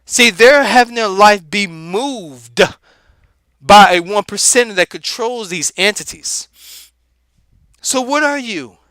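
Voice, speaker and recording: A man putting on a laid-back, high-voiced, street-talking comedic character, delivering an animated, preachy motivational rant that rattles off repeated words. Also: slow pace, clear, resonant tone, dry recording, exaggerated voice.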